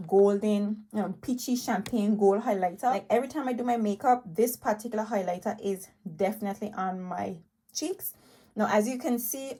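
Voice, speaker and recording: A woman's voice: mid-range voice, a little mellow. A woman vlogging about her favorite beauty products in a rambling, enthusiastic way, full of fillers, a bit out of breath while recording on a handheld tablet at home. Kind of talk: chatty product review. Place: home room cluttered with makeup. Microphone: tablet held in hand.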